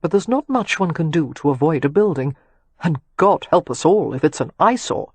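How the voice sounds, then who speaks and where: A woman narrator voicing a confident, wry young gentleman architect who teases and reflects. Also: a little high, animated, moderate pace, husky, no echo.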